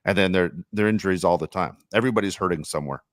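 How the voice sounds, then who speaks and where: A man hosting a casual sports podcast, rambling and animated, with mock-complaining asides. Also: sits low, racing, dry recording, clean studio sound. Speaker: podcast host.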